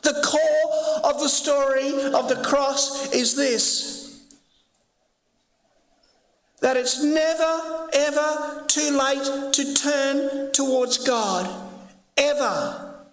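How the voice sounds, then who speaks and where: A man's voice: very high voice, fairly even intonation, extremely slow, pauses often, a bit bright. A man preaching a sermon as pastor, earnest and emphatic, with lots of repetition. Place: church sanctuary. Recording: echoey church hall reverb.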